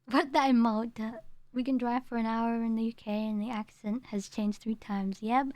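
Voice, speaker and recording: A high-voiced woman streamer from the UK talks casually with her live chat. She rambles and repeats lines, with her home accent toned down. The close mic sounds dry, with no room echo. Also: steady tone, moderate pace, darkish tone. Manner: chatty, rambling, repeats herself. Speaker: VTuber streamer.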